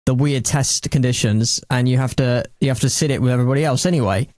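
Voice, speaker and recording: A man's voice: medium pitch, fast talker, darkish tone, no room sound. A young man chatting casually on a podcast with a dry, self-mocking humor. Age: young adult. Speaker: radio station colleague. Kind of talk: casual chat.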